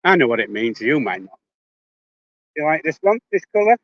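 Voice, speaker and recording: A man's voice: fairly high pitch, very animated, normal speed, lo-fi sound. An older man with a Yorkshire accent chatting casually on a phone livestream, blunt and prone to swearing, greeting viewers by name. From Yorkshire, England. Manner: blunt, swears casually, speaks before thinking. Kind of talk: casual live-stream chat. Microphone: phone held in hand.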